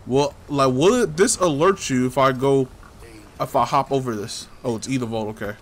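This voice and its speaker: A man's voice: medium pitch, moderate pace, a little hiss or hum. A man giving loose, casual commentary while playing a game, talking to himself and teasing the hero, with frequent swearing. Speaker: gameplay streamer.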